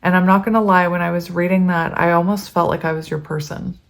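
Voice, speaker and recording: A woman talks through a tarot reading in a loose, conversational way. Her voice sits a little low for a woman, and she often pauses, says um, and gets emotional as she reads passages aloud. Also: steady tone, creaky. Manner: chatty and emotional, reading aloud with many ums. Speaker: tarot reader.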